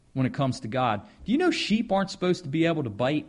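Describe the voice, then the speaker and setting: A man preaching a sermon in a folksy way, stretching out words and swinging between loud stresses and quiet asides. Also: fairly high pitch, big pitch swings, fast talker. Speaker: pastor.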